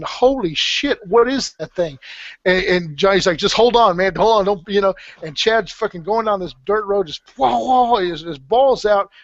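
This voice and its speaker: High-voiced man telling a story. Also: no echo. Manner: rambling, many restarts and fillers, swears freely. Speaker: podcast guest telling a story. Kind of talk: casual storytelling. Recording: dull, slightly muffled podcast audio.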